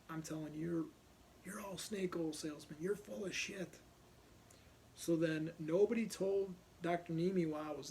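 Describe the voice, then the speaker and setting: Gravelly man telling a blunt story. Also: a little high, a little mellow, slight background noise. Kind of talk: personal storytelling.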